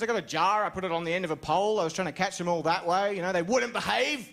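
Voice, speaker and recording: A man's voice: fast talker, vocal fry, hardly any pauses, a bit bright. A young Australian man telling a rambling, self-mocking story on stage as a stand-up comedian. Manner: rambling, self-mocking storytelling with sudden high-pitched jumps.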